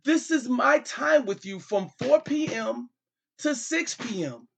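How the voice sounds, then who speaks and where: A man's voice: extremely high pitch, lively intonation, takes it slowly, gravelly, a little hiss or hum. A middle-aged man hosting a comedy show, talking as a father on a call in a pleading, repetitive, exasperated way.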